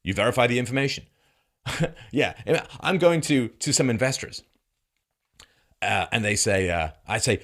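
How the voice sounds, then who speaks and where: A man's voice: medium pitch, normal speed, pauses often, a bit bright. A man delivering a political commentary monologue, mocking and sarcastic, firing off heated rhetorical questions. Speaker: commentary host.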